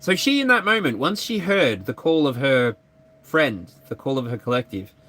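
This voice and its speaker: A man's voice: mid-range voice, very animated, normal speed, a bit bright. A man giving a live tarot energy reading, chatty and playful. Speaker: tarot reader.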